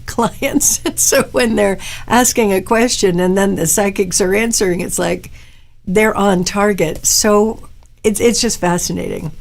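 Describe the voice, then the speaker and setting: A woman's voice: medium pitch, a little mellow. A middle-aged woman from Florida hosting a live talk stream, chatting casually and wandering into asides. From Tampa, Florida. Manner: chatty, rambling with asides and tangents. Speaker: talk show host and hypnotherapist.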